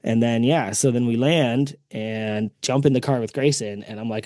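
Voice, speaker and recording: Male podcast host, lively storyteller who acts out quoted lines, mid pitch, close dry sound. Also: normal speed, hardly any pauses, no echo. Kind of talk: casual storytelling chat.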